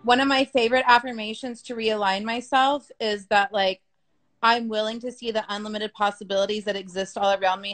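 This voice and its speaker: A woman's voice: medium pitch, fairly even intonation, moderate pace, a bit bright. A woman speaking in an easy, conversational way, full of filler words and the occasional swear word. She talks frankly and at length, the way one talks with a friend. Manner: frank, chatty, sprinkled with swearing and "like". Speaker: business coach being interviewed. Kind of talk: casual conversational interview.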